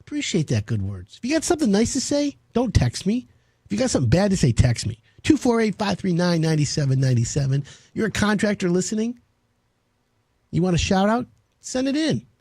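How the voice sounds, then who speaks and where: Male radio host, high husky voice, brash sales patter, dry close mic. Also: big pitch swings, a little fast, darkish tone, no room sound. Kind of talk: home improvement radio talk.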